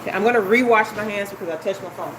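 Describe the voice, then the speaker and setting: A woman's voice: medium pitch, racing. A woman hosting a live cooking demonstration from her home kitchen, chatting and giving instructions as she works, recorded on a phone. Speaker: cooking show host. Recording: kitchen vent hum behind.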